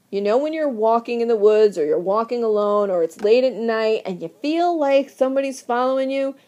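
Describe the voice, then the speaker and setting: A woman teacher giving a recorded literature lecture, lively and theatrical, asking the class questions. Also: fairly high pitch.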